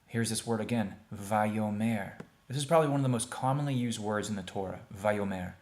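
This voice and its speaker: A man teaching a beginners' Hebrew lesson over a shared screen, talking plainly and repeating words slowly for pronunciation. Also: fairly low pitch, darkish tone. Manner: plain, conversational, thinks aloud with fillers.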